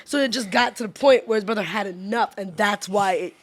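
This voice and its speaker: A woman's voice: mid-range voice, brisk. A young woman telling a story in casual podcast chat, chatty and laughing often, with lots of "like".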